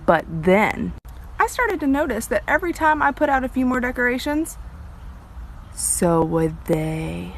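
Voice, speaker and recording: A woman's voice: high-pitched, very animated, fairly quick, fairly bright tone, a little hiss or hum. A woman telling a story with wry bragging while filming outdoors in her yard on a phone. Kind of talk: casual storytelling to a phone camera.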